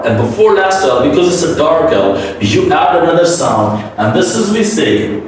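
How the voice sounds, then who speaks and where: Man teaching pronunciation, repeats each word again and again, slow, sounds far off in an echoey room. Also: on the high side, slight background noise. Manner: drills words by repeating them, animated and coaxing. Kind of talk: English pronunciation lesson.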